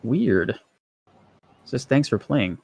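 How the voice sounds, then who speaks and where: A man's voice: mid-range voice, big pitch swings, slow, gravelly, darkish tone, slightly rough, no room sound. A man in a casual gaming chat, telling loose stories and laughing often.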